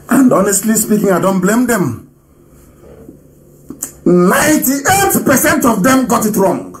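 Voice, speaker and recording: A middle-aged man from Nigeria speaks in a fairly high voice during a live broadcast. He is scornful and animated, laughing often and swinging between loud outbursts and low muttered asides. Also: a little slow, low-quality recording. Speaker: broadcaster addressing listeners.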